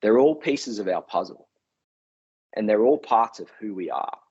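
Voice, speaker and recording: Deep husky man giving a talk. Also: lively intonation, moderate pace, darkish tone. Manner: earnest, conversational storytelling. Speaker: public speaker. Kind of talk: motivational talk. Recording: dull lo-fi recording.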